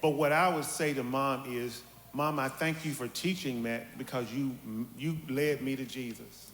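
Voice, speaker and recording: A middle-aged man, telling candid family stories on a church panel and acting out his mother's voice with lively quotes. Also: medium pitch, normal speed, a little hiss or hum. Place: church hall. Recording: echoey hall with faint ambience.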